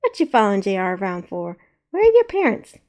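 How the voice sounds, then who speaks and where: A woman voicing a chatty, gossipy female possum who is loud and flirty. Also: mid-range voice, huge pitch swings, brisk.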